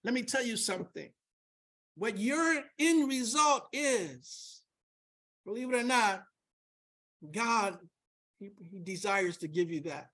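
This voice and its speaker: Emphatic high-voiced woman preaching. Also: expressive, takes it slowly, pauses often. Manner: emphatic, repeats key words, rises to near-shouts. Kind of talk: sermon with scripture reading.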